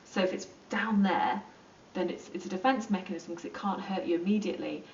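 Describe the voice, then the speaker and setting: A woman explaining psychology in a relaxed, chatty lesson, with plenty of ums and acted-out asides. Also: fairly low pitch, brisk, slight background noise. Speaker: psychology teacher. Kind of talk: informal lesson explaining to camera. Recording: roomy, distant and dull.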